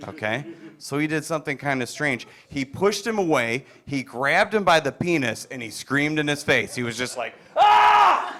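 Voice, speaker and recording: Bright-voiced male stand-up comedian. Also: mid-range voice. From Wisconsin, USA. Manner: deadpan storytelling with quiet asides. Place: comedy stage.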